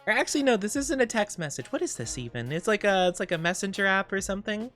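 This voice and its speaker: A VTuber streamer chats casually on a live stream, reading chat, giggling and rambling, her voice slightly scratchy today. Her mid-range voice is expressive, fast, and a bit bright, with faint music behind.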